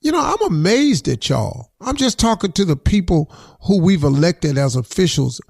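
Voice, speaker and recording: Middle-aged man, radio host, heated preachy rant, fairly high gravelly voice. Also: big pitch swings, normal speed, a little mellow, dry recording, clean studio sound. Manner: preachy, heated, repeats himself, says "man" often. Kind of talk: impassioned on-air rant.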